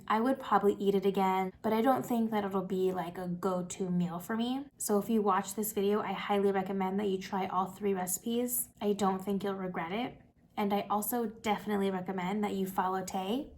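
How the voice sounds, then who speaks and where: A woman's voice: medium pitch, steady tone, normal speed. A young woman talking casually through a cooking vlog, chatty and upbeat, with lots of fillers. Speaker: vlogger.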